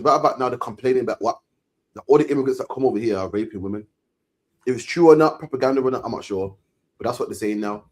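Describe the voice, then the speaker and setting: Fast-talking emphatic Englishman, ranting. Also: mid-range voice. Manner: emphatic, ranting, repeats "man" at line ends. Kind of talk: casual discussion.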